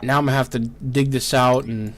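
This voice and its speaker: A man with a mid-range voice and a drawl narrates his game live into a desk microphone. He swears freely and repeats "no" in rapid streaks as his colony falls apart. His delivery swings between pleading and fed-up grumbling. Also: medium pitch, level tone, slight background noise. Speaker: gameplay streamer. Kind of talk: live gameplay commentary.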